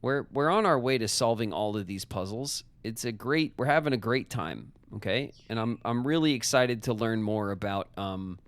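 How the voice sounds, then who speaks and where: A man's voice: on the low side, expressive, normal speed, hardly any pauses, clear, resonant tone, no echo. A man streaming a puzzle game live, talking casually and rambling with restarts, joking with his chat as he plays.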